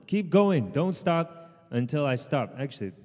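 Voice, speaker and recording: A man leading an outdoor group workout as trainer, calling out counts and urging people on, with quick asides in Cantonese. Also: fairly high pitch, big pitch swings, in a large hall. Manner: shouted counting and encouragement, switching into Cantonese asides. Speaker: fitness trainer. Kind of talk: live workout coaching. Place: outdoors in the sun.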